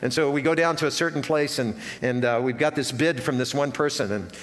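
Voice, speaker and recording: An older pastor preaches a sermon to his congregation in a church sanctuary, telling a folksy story with self-deprecating asides. His voice is mid-range and fairly quick, and the recording carries the long reverb of a church hall.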